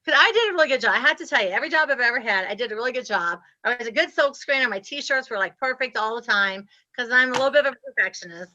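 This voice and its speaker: A woman, telling her story as an interview guest with lively, laughing animation. Her voice sits fairly high and sounds bright and forceful. The audio is a bit muffled and lo-fi. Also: rapid-fire, few pauses. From Ohio, US Midwest. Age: 60s. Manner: animated, laughs often, acts out her past self.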